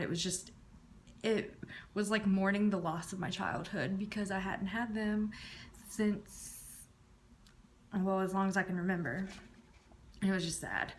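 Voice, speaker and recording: A Southern American woman in her thirties, a YouTuber, speaks in a mid-range voice over slight background noise. She answers tag questions casually, letting her voice drop at the ends of phrases.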